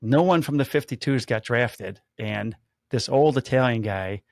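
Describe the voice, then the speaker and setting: Man, 50s, lively storyteller, dry close sound. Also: medium pitch, unhurried, creaky, dry recording. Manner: animated storyteller, acts out quotes. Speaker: podcast host, police officer. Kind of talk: casual storytelling chat.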